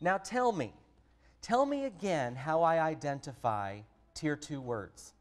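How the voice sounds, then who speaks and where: Texan male teacher trainer, slightly high voice, friendly and direct with the room. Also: sing-song, takes it slowly. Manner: friendly, direct, addresses listeners as a group. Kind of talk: professional development lesson.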